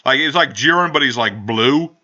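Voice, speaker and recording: A man's voice: mid-range voice, expressive, normal speed, pushed and bright. A man hosting a casual podcast, rambling and joking with frequent swearing. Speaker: podcast host. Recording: dull lo-fi home recording.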